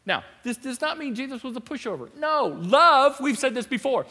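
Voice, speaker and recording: A man preaching a sermon. He is animated and emphatic, repeats phrases and laughs often. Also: very high-pitched, moderate pace, big-room sound. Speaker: pastor. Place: church sanctuary.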